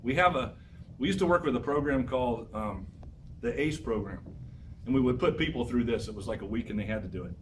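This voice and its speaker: A man lecturing a college class as a professor, energetic and exhorting, repeating his phrases for emphasis. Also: mid-range voice, brisk, recorded from a distance, a little hiss or hum, rough recording.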